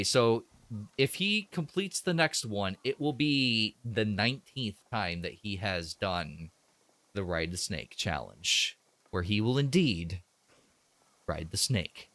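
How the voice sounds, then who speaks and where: A man's voice: on the low side, fairly bright tone, no room sound. A young man live-streaming a game, rambling to his chat in a casual, chuckling way.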